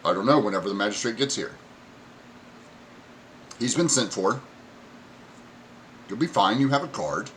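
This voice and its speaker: A man's voice: fairly low pitch, moderate pace, pauses often, slight background noise. A man voicing a stern male dock official who speaks curtly and by the rules. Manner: curt, flat and rule-bound.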